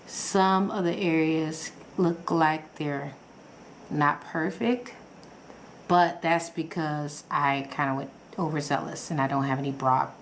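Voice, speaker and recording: A woman's voice: low-pitched, gravelly. A woman vlogger telling a personal story in a rambling, chatty way, full of fillers and restarts, acting out her own past reactions. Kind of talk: casual personal story vlog. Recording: echoey room with faint background noise.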